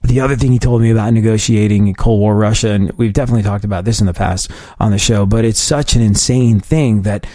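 Low, mellow male radio host. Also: quick pace, few pauses, dry recording, studio quality. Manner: animated anecdote-telling, quotes his dad in a lower voice. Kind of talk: casual storytelling chat.

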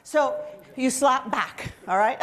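A woman's voice: a little high, heavy background noise. A middle-aged woman giving a humorous workshop talk to soldiers, joking and drawing the audience in. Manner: lively, joking, audience-engaging. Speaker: motivational speaker. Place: event hall before a live audience.

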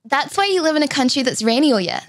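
A young woman streamer reacting to meme clips in animated casual commentary, gasping and exclaiming. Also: high-pitched, fast talker. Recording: loud background noise, mic clicks.

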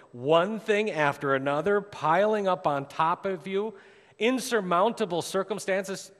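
Man, pastor, sermon, storytelling, rising and falling delivery, long hall reverb. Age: adult with a daughter. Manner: storytelling preacher, rising for drama, dropping low for emphasis. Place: church sanctuary.

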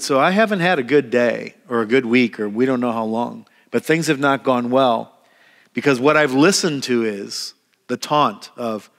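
A man's voice: a little high, animated, moderate pace, a bit bright. A man preaching a sermon as pastor, talking in a conversational way, repeating words as he restarts and acting out quoted prayers. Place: church hall. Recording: long reverb of a church hall.

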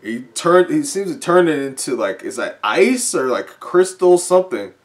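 A man reading a comic live and reacting as he goes, often chuckling and halting with fillers. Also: fairly high pitch, big pitch swings. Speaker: comic reviewer.

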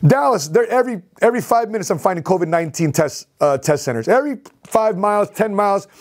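Speaking quickly in a somewhat high voice, an entrepreneur vlogger tells his own story straight to camera. His delivery is animated and repetitive, looping back to the same phrases in a casual storytelling style.

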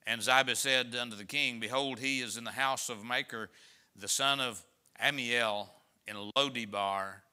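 A man's voice: medium pitch, fairly even intonation, measured pace, bright, forceful tone, clear, resonant tone. A man pastor preaching a sermon, reading scripture aloud and explaining it with folksy asides. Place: church sanctuary.

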